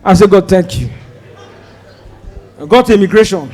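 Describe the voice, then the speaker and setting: A Nigerian comedian with a high, bright voice tells a story on stage. His pitch leaps all over the place as he acts out both sides of a conversation. He breaks now and then into sudden loud outbursts. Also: lively intonation, normal speed, big-room sound. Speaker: stand-up comedian.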